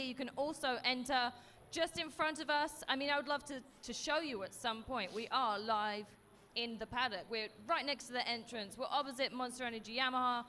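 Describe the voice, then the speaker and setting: Female host, bright and higher-pitched, bubbly live paddock chat outdoors. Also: a little hiss or hum. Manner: bubbly, laughs at herself.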